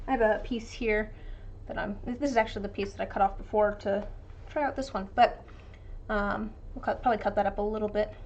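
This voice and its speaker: A woman's voice: on the high side, muffled recording. A young woman chatting casually on a live stream while she works on a craft, rambling with lots of fillers and restarts. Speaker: resin dice maker streaming her craft.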